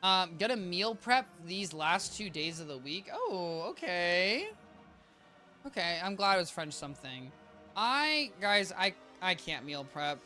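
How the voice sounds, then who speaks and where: A man streaming a game, chatting casually with viewers in a rambling, self-interrupting way, a little tired and low on energy. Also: normal speed, few pauses, bright, forceful tone. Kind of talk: casual live-stream gameplay chat. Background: game music.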